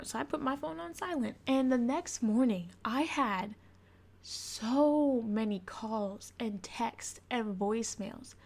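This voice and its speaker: A young woman hosts her own podcast, recounting her past in a frank, confessional manner. Her voice sits a little high and carries plenty of vocal fry. She swears freely and talks plainly, like she is confiding in friends. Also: darkish tone. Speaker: podcast host. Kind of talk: candid personal storytelling.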